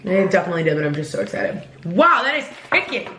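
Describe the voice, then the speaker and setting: A woman's voice: on the low side, sing-song, quick pace, sharp tone. A young woman in her twenties hosting a casual food vlog, chatty and bubbly, laughing often. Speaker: vlogger host. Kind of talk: casual mukbang vlog chat. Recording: echoey room, faint noise.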